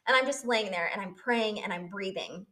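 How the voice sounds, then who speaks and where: A woman's voice: medium pitch, normal speed, pushed and bright. A young woman telling a personal story on her vlog, candid and emotional, swearing freely. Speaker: vlogger.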